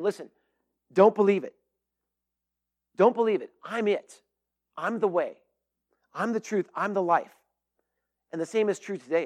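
Middle-aged male pastor with a high voice, earnest and emphatic sermon delivery. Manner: earnest, emphatic, with frequent fillers and restarts.

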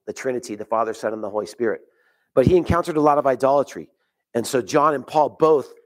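A man preaching a sermon in church, earnest and steady, reading scripture aloud. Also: medium pitch. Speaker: pastor.

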